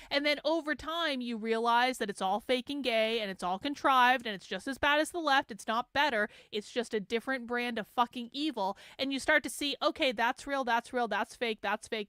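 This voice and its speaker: A woman's voice: on the high side, fairly bright tone, clear, resonant tone, no room sound, studio quality. A woman hosting a show, giving profane, emphatic political commentary with laughing asides. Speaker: host.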